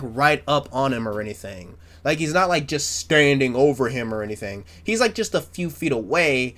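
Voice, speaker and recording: A man doing casual fan commentary, rambling loosely and swearing freely. His voice sits fairly high and gets animated as he talks. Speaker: YouTuber.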